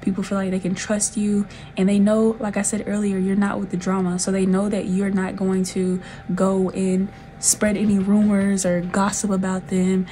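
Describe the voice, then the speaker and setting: A woman's voice: medium pitch, little pitch movement, normal speed, mellow, a little hiss or hum, low-quality recording. A woman from the South, giving a chatty, laid-back tarot reading with frequent giggles. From Southern United States. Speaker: tarot reader.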